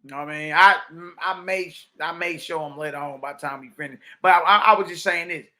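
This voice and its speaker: Guy teaching bible stuff on a stream, high bright voice, punchy streetwise preaching. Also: fairly even intonation, fast. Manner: emphatic, streetwise preaching, reading texts aloud. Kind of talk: livestreamed religious teaching.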